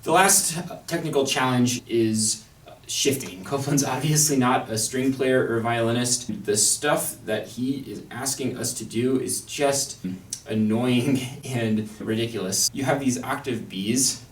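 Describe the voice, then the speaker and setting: A man's voice: mid-range voice, measured pace. Young man explaining violin, echoey room. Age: young adult. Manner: thoughtful, wry, with fillers and restarts. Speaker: violin teacher. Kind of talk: instructional talk on an orchestral excerpt. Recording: echoey room, mic at a distance.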